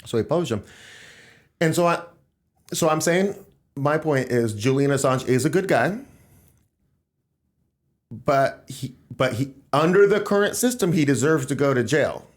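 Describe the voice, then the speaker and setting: A man's voice: mid-range voice, animated, a little slow, pauses often. A man hosting a casual political podcast, talking in an emphatic, rambling way. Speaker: podcast host.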